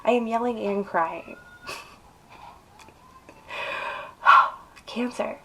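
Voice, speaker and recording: A woman talks through a casual tarot reading at an unhurried, lingering pace. She is emphatic and coaxing, and stretches out her phrases as she urges the listener on. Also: mid-range voice, creaky, slight background noise, poor audio. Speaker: tarot reader.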